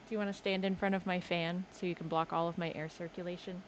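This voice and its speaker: A woman's voice: fairly low pitch, little pitch movement, fast talker, highs cut off, a little hiss or hum. A woman game streamer chatting casually, talking playfully and doting on her pet at her desk, into a desk microphone. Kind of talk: casual live-stream chat. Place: home desk indoors.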